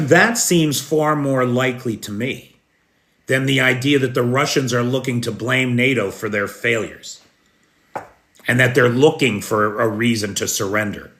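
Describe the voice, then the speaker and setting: An American man delivers live news commentary and takes viewers' questions. His voice is bright and forward, and he speaks slowly, leaning hard on key words with indignant emphasis and the odd sarcastic jab. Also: medium pitch. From United States.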